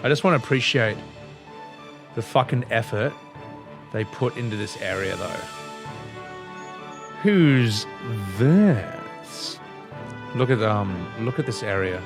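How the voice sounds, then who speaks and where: An Australian man reacts to a game on stream, crude and quick to mock himself. He talks slowly, his pitch bouncing around a lot. Faint music runs behind him. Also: lively intonation. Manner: crude, giggly, self-mocking.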